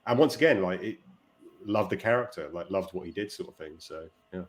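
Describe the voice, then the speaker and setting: Man, casual film chat, rambling, lots of likes and ums, lowish voice. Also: fairly quick. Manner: rambling, many fillers and restarts.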